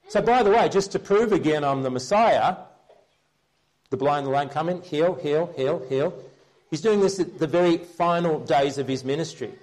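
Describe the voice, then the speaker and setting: A man's voice: on the high side, a little mellow. Earnest conversational male preacher. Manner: earnest, explains scripture and checks in with listeners. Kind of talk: conversational Bible teaching sermon.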